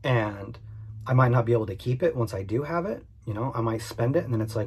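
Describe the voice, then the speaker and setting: A man's voice: mid-range voice, lively intonation, a little fast, breathy edge. A man and small business owner speaking earnestly and candidly in a vlog monologue, repeating his points for emphasis. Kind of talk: direct-to-camera vlog monologue.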